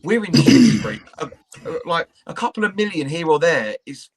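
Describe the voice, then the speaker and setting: A man's voice: a little high, animated, moderate pace. A man talking football in a casual chat. He is blunt and swears freely, ranting at length about his club. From England. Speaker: podcast co-host.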